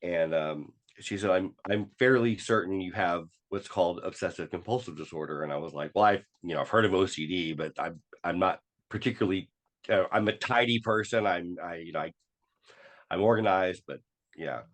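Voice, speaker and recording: Man, low-pitched, podcast guest, halting, full of fillers, acts out dialogue. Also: a bit bright. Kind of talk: personal storytelling in an interview.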